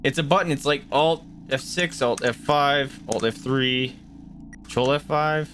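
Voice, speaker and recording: A man's voice: medium pitch, measured pace, fairly bright tone, slight background noise. A man streaming a video game, chatting casually and reacting aloud to what happens. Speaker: gaming streamer. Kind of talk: casual let's-play commentary. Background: faint game music.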